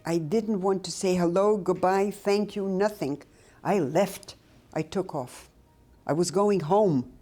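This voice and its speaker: An older woman recounting her own memories in a slow, halting, reflective way with pauses. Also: medium pitch, warm tone, soft background music. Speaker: Holocaust survivor giving testimony. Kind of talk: personal testimony, recounted memories.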